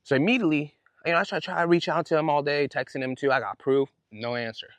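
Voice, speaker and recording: A man's voice: a little high, fast talker, a bit bright, no echo. A man hosting his own podcast, telling a story in an indignant, fired-up way with casual slang. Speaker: podcast host. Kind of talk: solo podcast monologue.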